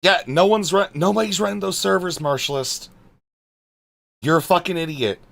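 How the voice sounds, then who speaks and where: A man's voice: sits high, moderate pace, vocal fry, a bit bright, a little hiss or hum. A male streamer reading out his chat and answering it, exasperated and swearing, trailing off into muttered asides.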